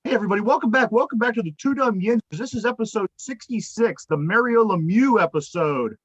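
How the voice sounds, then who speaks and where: A man's voice: high voice, brisk, husky, no room sound, highs cut off. A man with a Pittsburgh accent hosting a casual podcast, giving earnest opinions and repeating himself as he thinks. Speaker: podcast host.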